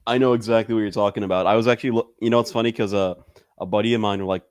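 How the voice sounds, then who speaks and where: A man with a low voice in a relaxed, rambling chat, full of fillers and quick laughs. The recording is dry and close. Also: clear, resonant tone, no room sound. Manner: loose and rambling, heavy on fillers, laughs often. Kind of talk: casual chat.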